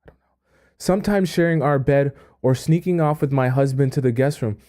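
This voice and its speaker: A mellow-voiced man hosts a live stream from a home setup, reacting to a viewer's letter. He stammers and repeats himself in stunned disbelief, his voice sitting at an ordinary middle pitch. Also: fairly quick. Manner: stammering, incredulous, dropping to mutters and breaking into laughter. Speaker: dating coach and live-stream host.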